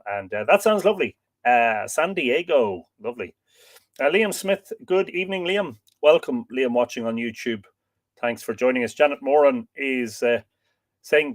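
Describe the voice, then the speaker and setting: An Irish man hosting a live stream, reading out viewer comments and chatting in a relaxed, rambling way with lots of fillers. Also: mid-range voice. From Ireland. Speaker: host.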